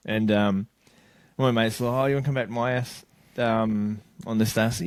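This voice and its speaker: A man's voice: fairly low pitch, fast talker, a little mellow, no echo. A young man, a podcast co-host, telling a crude story in casual chat and acting out the lines of the people in it. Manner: crude, laughing, acts out quotes in a story.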